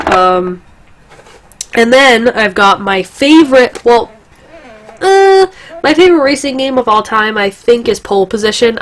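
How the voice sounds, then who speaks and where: A woman's voice: mid-range voice, background noise. Young woman all stuffed up from a cold, rambling casual chat, cusses here and there. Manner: rambling, chatty, swears casually. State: congested, stuffy nose. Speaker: gaming vlogger.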